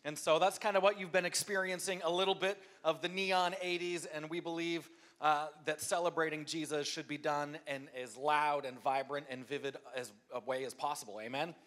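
Pastor guy telling a goofy story, high voice, bright and punchy, pokes fun at himself. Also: normal speed. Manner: upbeat, self-deprecating, animated impressions. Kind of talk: humorous storytelling sermon. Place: church service before a live audience.

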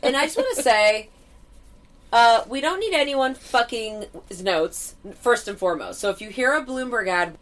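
A woman's voice: on the high side, expressive, normal speed. A woman co-hosting a podcast, telling stories in a brash, profane, casual way. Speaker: podcast co-host. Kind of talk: casual chat.

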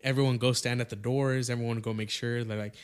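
A man's voice: medium pitch, fast talker, clean tone. Laid-back man chatting. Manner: laid-back, animated when retelling, drops Spanish phrases. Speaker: podcast guest or co-host. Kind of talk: casual chat.

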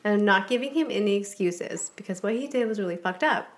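A woman's voice: medium pitch, lively intonation, fast talker. A woman speaking as a guest on a podcast interview, talking in a blunt, frank way and swearing freely.

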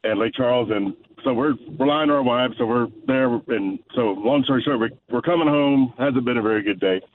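A man from Texas calls in to a radio show and tells a story fairly quickly, with many fillers and restarts. His mid-range voice comes over a muffled phone line with faint noise, sounding recorded from a distance.

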